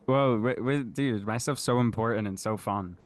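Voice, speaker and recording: A man's voice: mid-range voice, normal speed, a little hiss or hum. Slangy, laid-back podcast co-host man. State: hungover. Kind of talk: casual chat.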